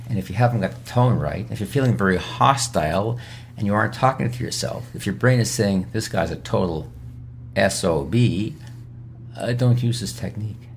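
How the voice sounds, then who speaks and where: Gravelly low-voiced doctor teaching emphatically. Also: male voice, slight background noise. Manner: emphatic, acts out patient lines in quotes. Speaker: emergency medicine expert guest. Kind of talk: podcast interview teaching.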